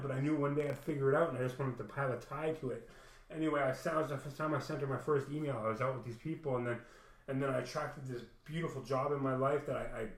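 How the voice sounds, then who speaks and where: A man telling a personal story in a rambling, profane casual monologue, full of "man". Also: mid-range voice. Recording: echoey room.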